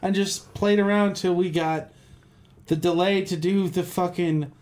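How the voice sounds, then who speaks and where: A man telling an excited, profane story about music gear in a casual podcast chat. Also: high voice, unhurried.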